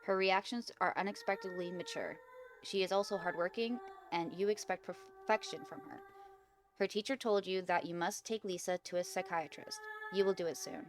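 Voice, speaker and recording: A woman's voice: lowish voice, moderate pace, over music. A young woman hosting a gaming video, casually reading out an interactive horror story, giggling and stumbling over words.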